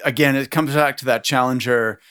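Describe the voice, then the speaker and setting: A man's voice: medium pitch, fairly even intonation, a little fast, a bit bright, clean tone. A man hosting a podcast interview, giving short encouraging replies. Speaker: podcast host. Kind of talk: interview chat.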